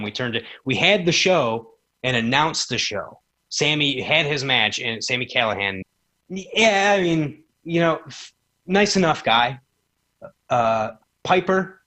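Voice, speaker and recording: Man, 30s, podcast guest: bright voice, animated storyteller who acts out the quotes. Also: mid-range voice. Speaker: podcast guest, former wrestling promoter. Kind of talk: casual storytelling chat.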